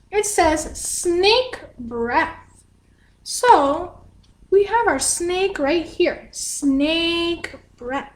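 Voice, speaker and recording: A woman with a very high, light voice leads small children through a class. She talks slowly and patiently in a sing-song way and explains each step simply. The sound is roomy, with her voice bouncing off the walls of a home space. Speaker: children's dance teacher. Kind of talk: slow, gentle instruction for young children. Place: home room, livestreamed class. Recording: echoey room.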